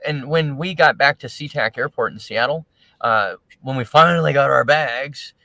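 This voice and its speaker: A man's voice: mid-range voice, normal speed, gravelly, pushed and bright, no room sound, rough recording. A man co-hosting a livestream, chatting casually and retelling stories, often quoting other people. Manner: chatty, quotes people while telling stories. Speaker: livestream co-host. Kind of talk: casual chat.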